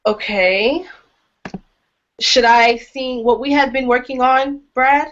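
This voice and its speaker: A woman's voice: high voice, slow pace, fairly bright tone. A young woman singer chatting casually over a video call, giving short, agreeable replies. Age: young adult. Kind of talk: casual chat and singing. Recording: dull lo-fi call audio.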